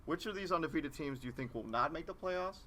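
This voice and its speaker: A young man co-hosting a casual sports podcast, setting up the questions with quick, stumbling restarts. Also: fairly high pitch, animated, bright, forceful tone, a little hiss or hum. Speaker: podcast co-host leading the segments. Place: campus TV studio.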